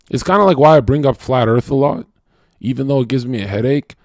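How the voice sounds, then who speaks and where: A young man ranting casually on a livestream, profane and rambling, with many restarts and rhetorical questions, swinging from loud and worked up to low muttering. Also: gravelly, no echo, clean studio sound. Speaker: streamer.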